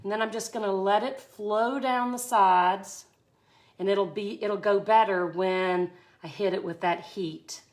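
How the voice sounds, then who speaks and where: A woman's voice: mid-range voice, fairly even intonation, measured pace. A woman from Mississippi with a Southern accent, chatty and effusive, giving a live art tutorial. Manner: chatty, effusive, exclaims often. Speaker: resin art instructor.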